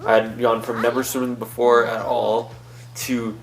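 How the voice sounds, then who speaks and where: A man's voice: medium pitch, little pitch movement, moderate pace, low-quality recording. A young man hosting a let's-play, chatting casually and rambling through a story with many fillers. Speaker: gaming channel host.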